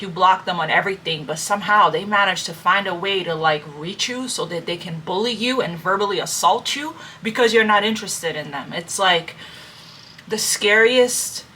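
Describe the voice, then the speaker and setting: A woman with a lowish, bright, forceful voice gives a casual tarot reading. She talks earnestly and repeats her points, calling her listeners family and checking in often. A faint hiss of room noise sits under her voice. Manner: earnest, repetitive, checks in with "okay?" and "right?". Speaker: tarot reader. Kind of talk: casual spiritual advice monologue.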